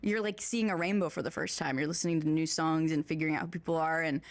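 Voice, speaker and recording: A woman's voice: low-pitched, steady tone, quick pace, no room sound. A young woman from Pennsylvania chatting in an interview, laughing often and restarting her sentences. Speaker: interviewed musician. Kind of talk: casual interview chat.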